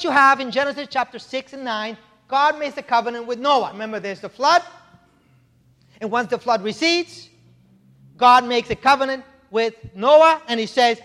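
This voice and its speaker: High-voiced preacher in a reverberant hall. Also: male voice, a bit bright. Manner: conversational teaching with frequent asides and "right?". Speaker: pastor. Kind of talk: sermon.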